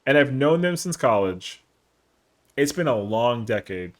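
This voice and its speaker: A man's voice: medium pitch, big pitch swings, a little slow. A man in his thirties casually telling a rambling, slangy story on a live stream, acting out the quotes. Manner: slangy, rambling, lots of fillers, acts out the quotes.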